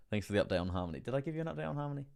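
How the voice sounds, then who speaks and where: A man hosting a live trading stream, chatty and rambling with many fillers, laughing often and getting excitable as prices move. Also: medium pitch, racing, creaky. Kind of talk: live stream market commentary.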